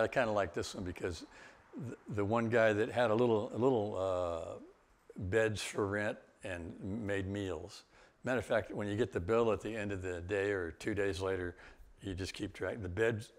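An older man, a guest speaker, telling travel stories in a loose, rambling way with chuckles and restarts. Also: lowish voice. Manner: rambling, with laughs and many restarts. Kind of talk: storytelling talk.

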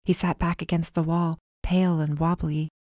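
A woman narrating a first-person audiobook in a calm, measured way. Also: on the low side, no room sound, clean studio sound.

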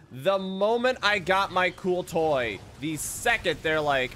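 A man's voice: high-pitched, measured pace, few pauses, a little hiss or hum. A man streaming video games, commenting live, swearing often and slipping into silly voices. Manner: excitable, swears a lot, jumps into silly put-on voices.

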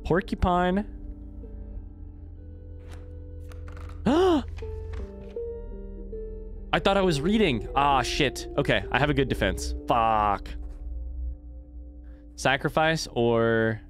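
A man's voice: medium pitch, lively intonation, a little slow, fairly bright tone, soft background music. A man streaming a video game, thinking aloud in casual commentary and swearing freely. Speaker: let's play streamer.

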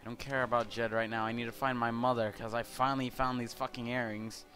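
A man's voice: mid-range voice, little pitch movement, fast, a bit bright. A young man from California, commenting casually on a video game, rambling with many fillers, restarts and casual swearing. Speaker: let's play host.

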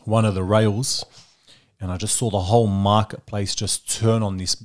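Guest: a New man with a lowish voice who rambles through stories in relaxed podcast chat. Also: moderate pace. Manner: rambling storyteller, many fillers. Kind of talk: casual chat.

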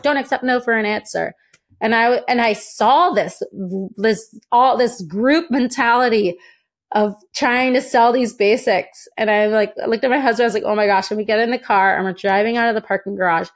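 A young woman from the United States, a guest telling her own story in a chatty, lively way and acting out quoted voices. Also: on the high side, fairly quick. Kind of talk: casual interview storytelling.

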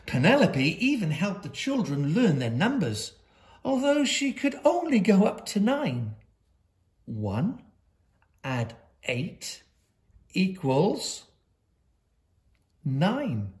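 A woman reading a children's picture book aloud at a school, with lively, dramatic delivery and slow pauses. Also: fairly low pitch. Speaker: school storyteller.

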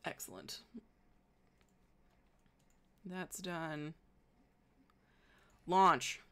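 A woman with an Indiana accent chatting casually with her viewers as a livestreamer, in a wry, joking way and quick to laugh. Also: lowish voice, sharp tone, clean tone. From Indiana, United States.

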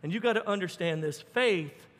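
A male pastor preaching a sermon with animated, folksy storytelling and fervent emphasis. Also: high-pitched, normal speed, big-room sound.

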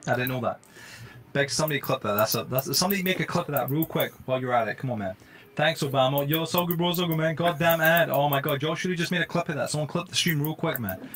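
A young man live-streaming a game, chatting with viewers in slang and breaking into loud exclamations. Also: on the high side, fast talker. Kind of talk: live-stream gaming commentary. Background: faint music.

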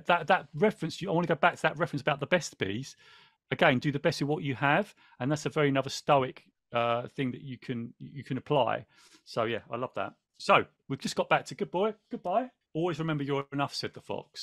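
A man's voice: a little high, a bit bright, dry recording, studio quality. A man hosting a casual podcast, chatty and rambling, reading from a book and thanking viewers as he goes. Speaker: podcast host.

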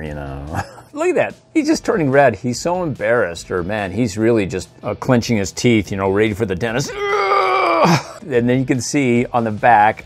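A man of middle pitch hosts a toy review vlog with a very lively, up-and-down delivery. He jokes and chuckles often as he talks through each toy. Faint music plays behind him. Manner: playful, jokey, chuckles often.

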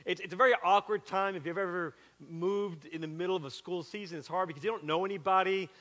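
In a church with long, ringing reverb, a fast-talking middle-aged pastor from South Carolina delivers a sermon with a personal story. His voice is high, bright and forceful, his Southern accent has a Western Pennsylvania twist, and he tells it in a chatty, animated way full of asides.

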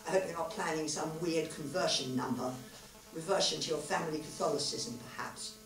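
A sharp-tongued, exasperated woman snaps her lines in a cross, clipped way, as the author reads her aloud. Her voice is fairly low and lively. She sounds far from the mic in a reverberant hall. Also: fairly quick, over music, close to an everyday voice.

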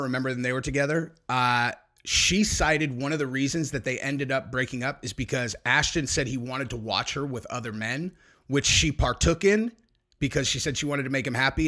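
A man's voice: mid-range voice, sharp tone. A man hosting a commentary channel, talking casually and opinionatedly, sometimes mocking people with impressions. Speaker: podcast host.

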